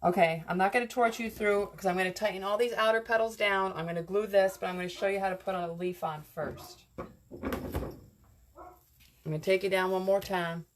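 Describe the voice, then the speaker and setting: A woman's voice: mid-range voice, fairly even intonation, fairly quick, a little hiss or hum. A woman giving a casual, rambling live craft lesson on wreath making, chatting with viewers and answering their comments as she works.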